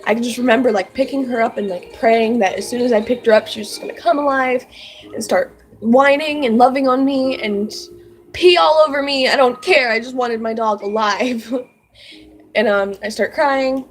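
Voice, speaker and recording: A woman's voice: on the high side, normal speed, slight background noise, poor audio. A young woman telling a personal story about her pets in a casual, rambling way, full of "like" and "um", earnest and heartfelt. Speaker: vlogger.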